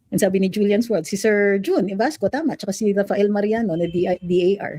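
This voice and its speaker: A woman's voice: medium pitch, quick pace, dark tone. A middle-aged Filipino woman lawyer giving opinionated political commentary with a Filipino accent, switching between Filipino and English. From Philippines.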